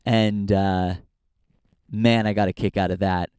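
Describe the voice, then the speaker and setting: A man's voice: deep voice, flat delivery, a little slow, a little mellow, smooth, dry recording, studio quality. A young man from Northern California hosting his own podcast outdoors on a hiking trail, talking in a rambling, profane, self-deprecating way into a handheld camera as he walks. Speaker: podcast host. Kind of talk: casual walk-and-talk vlog.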